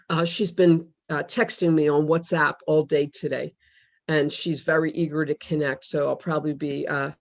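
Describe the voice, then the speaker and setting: Woman on a video call, earnest and halting, lots of ums, telling her story. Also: sits low, darkish tone. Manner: earnest, halting, many fillers. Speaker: religious sister volunteer. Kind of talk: personal testimony on a video call.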